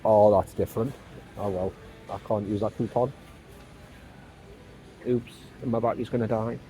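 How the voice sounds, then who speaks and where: A man's voice: fairly low pitch, steady tone, normal speed, warm tone, a little hiss or hum. A man with an English accent chatting casually while out shopping, full of small exclamations. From England. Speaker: vlogger.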